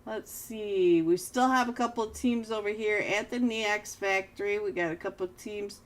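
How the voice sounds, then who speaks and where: A young adult woman live-casting a mobile battle royale match, excitable and self-mocking, jumping between play calls and chat with viewers. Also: mid-range voice, moderate pace. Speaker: esports caster. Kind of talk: live game commentary.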